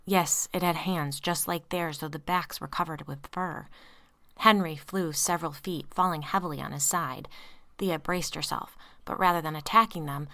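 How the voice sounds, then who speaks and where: A woman narrating a story aloud, reading tense dialogue in hushed whispers. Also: low-pitched, creaky. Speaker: audiobook narrator. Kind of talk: scripted narration.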